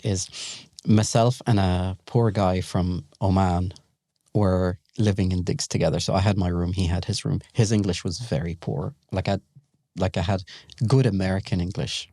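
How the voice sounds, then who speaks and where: A middle-aged man from the Gulf region tells stories as a podcast guest, animated and quick to laugh as he acts out what people said. His voice sits fairly low with a mellow, warm tone. The sound is close and dry. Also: no echo. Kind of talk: casual storytelling.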